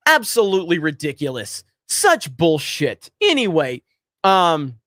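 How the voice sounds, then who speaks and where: A man with a notably high voice rants through a livestream, heated and profane. He hammers his points with repetition and breaks off to read out viewer chats. The sound is dry and close, with no room echo. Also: huge pitch swings, unhurried, bright, forceful tone. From Florida. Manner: profane, heated and emphatic, repeats himself. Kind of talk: ranting political commentary.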